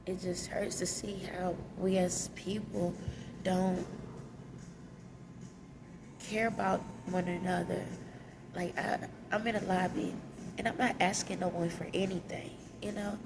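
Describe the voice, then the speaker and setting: Woman, crying, confessional vlog, gravelly voice, lobby ambience. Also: fairly low pitch, flat delivery, measured pace, long pauses, background noise. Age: adult with children. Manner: tearful, raw and candid, speaks in casual vernacular. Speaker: vlogger. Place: hotel lobby.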